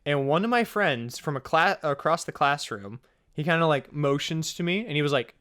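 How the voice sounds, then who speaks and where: A young man in his twenties telling a funny school story in casual vlog chat, full of fillers, and he jumps up high for exclamations. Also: expressive, moderate pace, fairly bright tone. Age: young adult. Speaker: storytelling vlogger.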